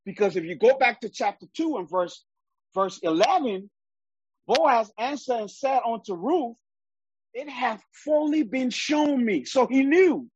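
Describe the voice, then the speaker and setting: A woman's voice: fairly high pitch, lively intonation, unhurried, a little mellow, slightly rough, no room sound. A woman teaching a Bible study in the style of a sermon, reading verses aloud and then explaining them with emphasis. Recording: dull, lo-fi sound.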